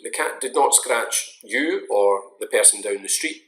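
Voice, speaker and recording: A man giving a recorded online lecture in a measured, explanatory way, stressing key words. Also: on the low side, lively intonation, fairly bright tone. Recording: roomy echo.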